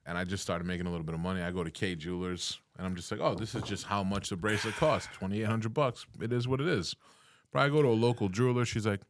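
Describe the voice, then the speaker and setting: A man hosting a podcast, chatting casually with brash, profane, animated storytelling. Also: lowish voice, fast, dry recording. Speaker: podcast host. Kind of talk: casual chat.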